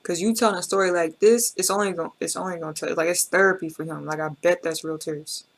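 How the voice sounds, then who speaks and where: A woman's voice: lowish voice, steady tone, fast. Emotional woman reacting to a song. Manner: emotional, reflective, addresses viewers directly with slang. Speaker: reaction video host. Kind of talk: casual reaction commentary.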